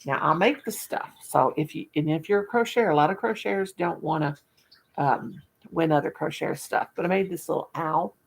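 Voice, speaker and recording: A woman's voice: deep voice, brisk, creaky, breathy edge. An older woman, hosting a casual livestream chat with viewers, folksy and self-mocking, laughing at her own jokes. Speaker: livestream host.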